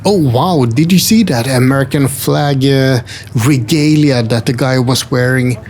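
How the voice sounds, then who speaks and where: With slight noise in the background, a travel vlogger born in Sweden and raised speaking Swedish films himself on a handheld camera in a multi-floor retro game store. His gravelly, mid-range voice moves at an unhurried pace as he chats his way through the aisles, adding wry comments and gentle jokes along the way.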